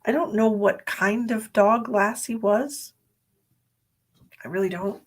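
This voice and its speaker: A woman's voice: mid-range voice, takes it slowly. A woman psychic medium giving a live-streamed reading, chatty and sleepy, thinking aloud with many fillers. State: sleepy, yawning.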